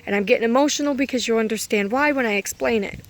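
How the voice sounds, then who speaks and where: Woman, fairly high voice, rambling dream story, lots of ums. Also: fast talker, a little hiss or hum. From Kentucky. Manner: rambling, self-correcting, full of "um" and "like". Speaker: vlogger.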